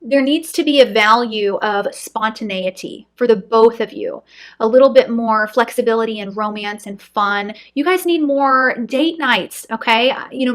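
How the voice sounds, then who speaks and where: Earnest, reassuring woman reading tarot. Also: on the high side. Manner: earnest and reassuring, with frequent "um" and "you know"; speaks directly to viewers, checking in with "okay?". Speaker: tarot reader. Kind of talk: pick-a-card tarot reading to camera.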